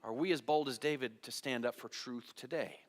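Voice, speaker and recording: Speaking a little fast in a mid-range voice, a pastor gives a sermon built on dramatic Bible storytelling, acting out biblical voices and posing questions to the congregation. The setting is a church sanctuary, heard through a long hall reverb.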